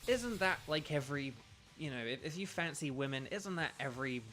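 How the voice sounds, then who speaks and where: Chatty British man with a bright voice. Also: on the high side, expressive, a little fast, soft background music. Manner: chatty, rambling, many ums and restarts, laughs often. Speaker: streamer playing a video game. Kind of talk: casual live-stream chat.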